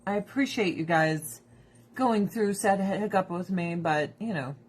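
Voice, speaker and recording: A woman's voice: medium pitch, a little slow, breathy edge. A woman selling skincare products who chats casually while trying them on, rambling, laughing and swearing freely with strong opinions. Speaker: direct seller of skincare products.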